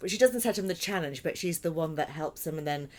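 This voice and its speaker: A woman actor talks through her role in casual podcast chat, her voice sitting a little low. She runs on with asides and apologies, laughing often as she goes. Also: animated, a little fast. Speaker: actor in the company.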